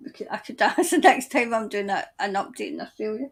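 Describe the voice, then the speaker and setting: A woman giving a tarot-style psychic reading, musing aloud in a halting way as she trails off and starts her sentences over. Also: mid-range voice, animated. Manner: speaks of seeing and hearing things. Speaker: tarot reader. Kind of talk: intuitive psychic reading monologue.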